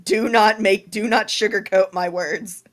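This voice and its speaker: A woman's voice: mid-range voice, steady tone, unhurried, natural voice. A woman voicing a blunt fey creature who insists emphatically. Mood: insistent. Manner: pleading, emphatic.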